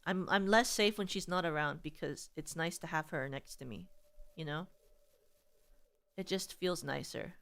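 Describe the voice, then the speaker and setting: A woman's voice: low voice, normal speed, a bit bright. A young woman streaming a horror game, chatting to herself in a self-mocking, rambling way. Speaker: gaming streamer. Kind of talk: casual let's-play chat.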